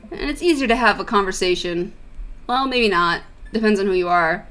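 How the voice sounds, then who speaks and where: A woman's voice: medium pitch, normal speed, bright, forceful tone. A young woman streaming a visual novel, chatting and reading aloud with giggly, rambling asides. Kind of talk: let's-play commentary and reading aloud.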